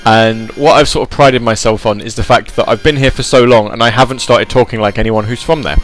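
A man's voice: medium pitch, fairly even intonation, brisk, soft background music. A man hosting a casual chat show, rambling and joking with lots of fillers and restarts. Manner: rambling, jokey, puts on silly voices. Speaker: podcast host.

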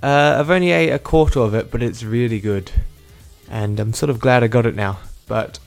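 A man's voice: mid-range voice, moderate pace, gravelly, faint music behind. Young man recapping his day on his vlog, rambles, corrects himself with dry asides. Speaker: vlogger.

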